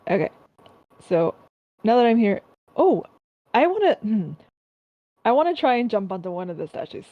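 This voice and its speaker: A woman's voice: medium pitch, big pitch swings, normal speed, dry recording, phone-quality sound. A woman playing a tabletop game, talking casually and eagerly. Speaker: player.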